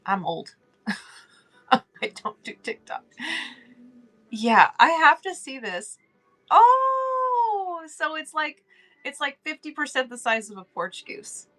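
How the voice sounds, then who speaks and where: A woman's voice: on the high side, expressive, slow pace, long pauses, pushed and bright. Chatty woman hosting a livestream. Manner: chatty, friendly, reads chat aloud, laughs often. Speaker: livestream host. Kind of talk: casual livestream chat.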